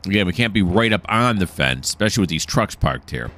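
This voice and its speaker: Deep-voiced man narrating gameplay. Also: animated, fast, fairly bright tone. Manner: talks to himself, thinking aloud and self-correcting. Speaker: gameplay commentator. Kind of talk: relaxed let's-play narration.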